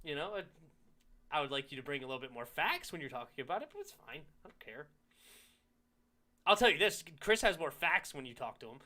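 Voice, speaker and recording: A man hosting a casual sports talk show, animated and reacting to a rival's clip. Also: a little high, fairly quick, long pauses. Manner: animated, swings from heated to sheepish. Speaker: sports talk channel host.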